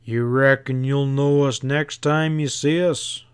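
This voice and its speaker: A big, short-fused one-eyed cowboy, voiced by a male narrator speaks gruffly and without patience. His words come slow and heavy. He sounds like he is always a breath away from a fight. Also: mid-range voice, steady tone, lightly acted. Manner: gruff and quick to anger.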